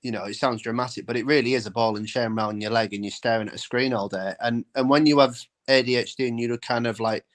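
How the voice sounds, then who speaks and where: A man's voice: medium pitch, steady tone, quick pace, hardly any pauses. A man chatting casually and making teasing jokes. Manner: joking, teasing banter. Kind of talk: casual chat.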